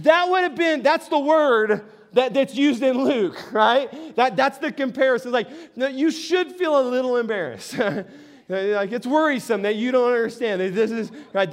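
A middle-aged pastor delivers his sermon like a casual story told to friends, breaking in often with a quick "right?" His voice sits very high for a man. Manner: conversational storytelling with frequent "right?" asides.

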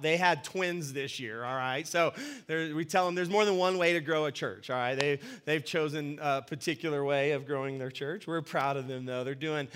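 A man's voice: on the high side, pushed and bright, clean tone. A man speaking as senior pastor, leading a church business meeting in an upbeat, conversational, celebratory manner.

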